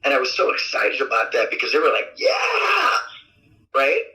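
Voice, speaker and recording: A man being interviewed as a rock singer, telling stories in a casual, animated way and acting out quotes with big jumps in pitch. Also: fast, shouting, low-quality recording. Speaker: rock vocalist guest. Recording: radio interview audio.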